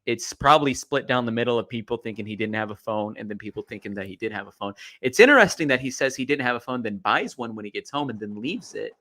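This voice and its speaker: A man's voice: medium pitch, expressive, fast, hardly any pauses, bright, forceful tone. A man hosting a live call-in stream, thinking aloud with frequent restarts and fillers. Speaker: host taking live callers.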